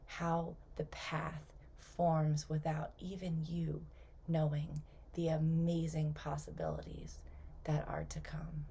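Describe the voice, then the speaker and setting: Woman channeling a loving ancient spirit collective, half-whispered, very slow, low mellow voice. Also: flat delivery, creaky, husky, exaggerated voice. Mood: tender. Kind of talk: spoken channeling message.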